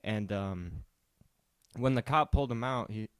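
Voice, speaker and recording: A young man spins a long story for his podcast friends, casual and full of swearing. He drops his voice when he quotes people. His voice is mid-pitched and the sound is dry and close. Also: unhurried, smooth, dry recording. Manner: profane, laid-back, quotes people in a lowered voice. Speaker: podcast co-host.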